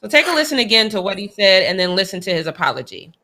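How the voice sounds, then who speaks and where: A woman's voice: mid-range voice, sing-song, fast talker, noisy background. A woman co-hosting a sports talk show, giving her opinions in casual, emphatic chat. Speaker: podcast co-host.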